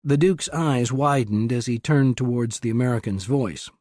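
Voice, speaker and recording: A man narrates a thriller audiobook at an even, measured pace. His voice is mellow and dark, recorded close and dry with no room around it. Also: mid-range voice, no room sound. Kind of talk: scripted narration.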